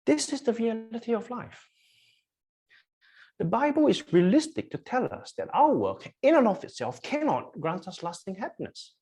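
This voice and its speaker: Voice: mid-range voice, sing-song, moderate pace, warm tone, husky. A preacher giving a sermon to a congregation, emphatic and repetitive, often asking the listeners questions. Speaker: pastor. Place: church.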